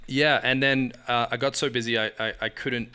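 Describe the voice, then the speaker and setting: A man's voice: mid-range voice, normal speed, clear, resonant tone. A man, a guest on a podcast, telling stories casually and acting out the dialogue with lots of laughter. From Australia. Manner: animated storyteller acting out dialogue, laughing often. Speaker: guest, agency founder.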